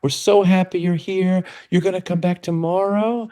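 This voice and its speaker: A man putting on an overly sweet, sing-song school staff voice, pitched well above his own. It is bright, gushing and a little distant in timbre, like teachers greeting a small child. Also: steady tone, normal speed, close to an everyday voice.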